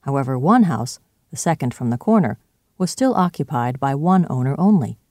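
A man narrating a classic story aloud in a steady, even reading. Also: mid-range voice, normal speed, no room sound, clean studio sound.

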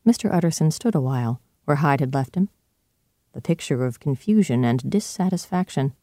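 Mellow-voiced man reading a story. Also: fairly high pitch, lively intonation, moderate pace, no room sound, clean studio sound. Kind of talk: storybook narration.

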